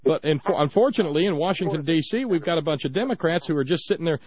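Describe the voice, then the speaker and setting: Halting man hosting talk radio. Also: fairly high pitch, animated, breathy edge, muffled recording. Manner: halting, repeats words, conversational. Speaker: radio host.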